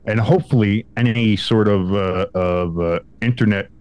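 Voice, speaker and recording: A young man co-hosting a sports podcast, telling a story in casual chat, acting out quotes with big swings in pitch and some swearing. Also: moderate pace, darkish tone, highs cut off. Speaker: podcast co-host.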